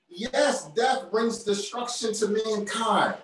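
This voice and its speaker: Slow, emphatic male preacher in an echoey hall. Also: high-pitched. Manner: emphatic, repeats key phrases. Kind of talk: sermon. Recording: very echoey, from far off.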